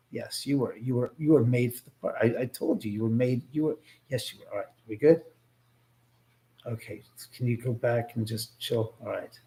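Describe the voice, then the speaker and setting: A man chats loosely on a livestream, telling stories and breaking off to banter with his viewers. He keeps restarting his sentences and wanders from point to point. His voice sits at an ordinary middle pitch for a man. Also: a little mellow. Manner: rambling, jokey asides to chat, many restarts. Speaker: livestream host and filmmaker. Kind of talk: casual livestream chat.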